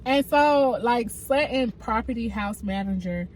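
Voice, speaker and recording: A woman's voice: fairly high pitch, animated, measured pace. A woman with a cold and a congested voice talks her viewers through a reality show recap. She is chatty and frank, and she takes her time. There is a light hiss in the background. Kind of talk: casual recap commentary.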